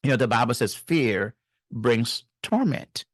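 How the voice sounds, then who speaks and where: A man's voice: mid-range voice, expressive, a little slow, no echo, studio quality. A middle-aged man, a marriage and family therapist, giving faith-based relationship advice in an earnest, teacherly way and speaking to the viewer directly.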